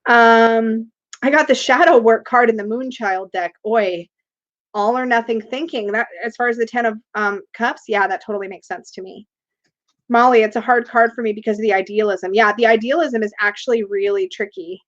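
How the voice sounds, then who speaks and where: Chatty lady doing a tarot live stream, kinda high voice, dull lo-fi sound. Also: moderate pace. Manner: chatty, laughs often, reads viewer comments aloud. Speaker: tarot reader and livestream host. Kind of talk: casual livestream chat. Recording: dull lo-fi livestream audio.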